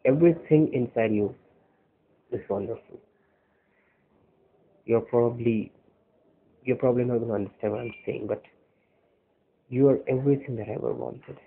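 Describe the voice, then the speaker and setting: A man's voice: mid-range voice, creaky, breathy edge. Tender man, tinny phone-like recording. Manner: tender, earnest, halting with restarts. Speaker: boyfriend recording a love message. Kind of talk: personal video message.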